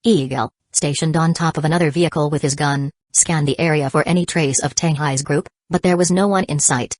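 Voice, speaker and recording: A woman narrating an action novel as an audiobook, reading in an even, steady way. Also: deep voice, brisk, no room sound.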